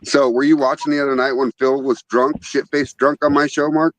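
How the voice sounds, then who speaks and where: A man from Wyoming hosting a casual chat, telling stories in a loud, profane, animated way. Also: mid-range voice, fairly quick, a little hiss or hum, low-quality recording. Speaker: podcast host.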